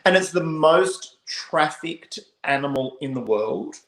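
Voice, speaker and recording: A man's voice: on the high side, expressive, slow pace, a bit bright. A man co-hosting a casual chat show, emphatic and swearing freely. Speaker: co-host. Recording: roomy echo.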